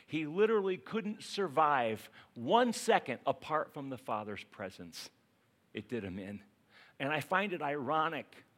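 Guy preaching a sermon, punchy and emphatic, drops to hushed bits then builds up again. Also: fairly high pitch. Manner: emphatic, swings between loud urging and hushed asides. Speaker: pastor.

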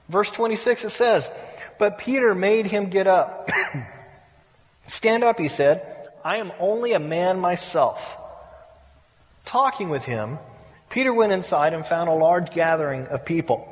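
A man's voice: sits high, expressive, a little slow, pauses often. A middle-aged man preaching a sermon, telling stories with playful humor and acting out the people he quotes. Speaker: pastor. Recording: reverberant hall.

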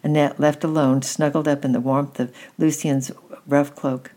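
Deep-voiced lady reading a kids story out loud, gentle and slow. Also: little pitch movement. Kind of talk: reading a children's story aloud.

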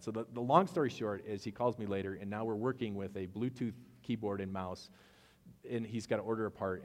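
Animated storytelling pastor in a reverberant hall. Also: male voice, on the low side. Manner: animated storytelling, acts out both sides of conversations. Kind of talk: conversational sermon with personal stories.

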